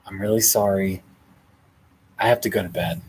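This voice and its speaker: A man's voice: low voice, steady tone, moderate pace, slight background noise, low-quality recording. A man hosting a casual livestream from a hotel room, reading viewer comments, thanking people by name and laughing often. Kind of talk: casual live chat.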